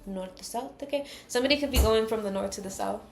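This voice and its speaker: A woman's voice: a little high, quick pace, vocal fry, echoey room, soft background music. A woman giving a casual tarot reading, chatty, loose and full of profanity. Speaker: tarot card reader.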